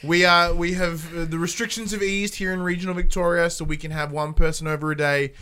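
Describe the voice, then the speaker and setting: Animated Australian man, slightly high voice. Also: a little fast, smooth. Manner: animated storyteller, swears freely. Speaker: podcast host. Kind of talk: casual chat. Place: home studio. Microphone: headphones and studio mic.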